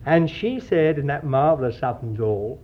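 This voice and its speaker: A man's voice: mid-range voice, expressive, moderate pace. Earnest man preaching, dull recording. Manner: earnest, digressive, addresses listeners as dear child of God. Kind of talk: sermon.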